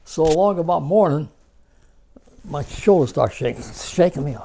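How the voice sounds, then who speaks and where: An older American man, a war veteran, telling rambling, animated stories in a casual interview and laughing at his own tales. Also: fairly high pitch, moderate pace, gravelly, slight background noise. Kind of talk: casual spoken storytelling.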